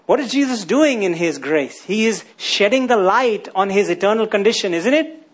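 Guy preaching, kinda husky voice, higher pitched, keeps asking the crowd questions. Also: expressive, moderate pace. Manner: rhetorical questions to the congregation, tag questions like "isn't it?". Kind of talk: sermon.

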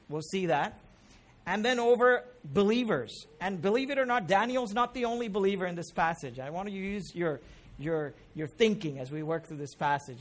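A middle-aged man preaching a sermon as pastor, emphatic, with rising questions put to the congregation. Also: high-pitched.

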